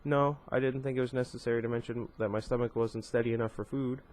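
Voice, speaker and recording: A man reading a first-person novel aloud, steady but with occasional stumbles and asides. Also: mid-range voice, fast talker. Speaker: amateur audiobook reader.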